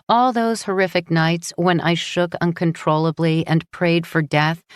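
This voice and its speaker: A woman narrating a first-person audiobook in a hushed, brooding manner. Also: lowish voice, no room sound, studio quality.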